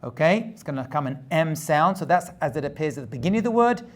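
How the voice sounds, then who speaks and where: A man's voice: fairly high pitch, big pitch swings, fast. A man, a rabbi, giving a step-by-step lesson in a patient way, repeating points, checking in with the learner and correcting his own slips as he goes. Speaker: rabbi teaching Hebrew script.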